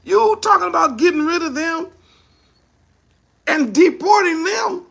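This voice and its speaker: High, gravelly man ranting forcefully. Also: animated, unhurried. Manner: mocking rhetorical questions, acts out imagined speakers; forceful, often shouting. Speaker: ministry speaker. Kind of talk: impassioned commentary monologue.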